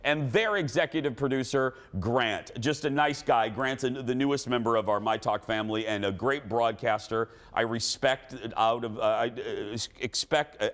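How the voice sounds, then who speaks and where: A middle-aged man hosting a TV talk show, telling loud, animated stories and laughing at his own jokes. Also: mid-range voice. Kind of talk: casual chat, storytelling.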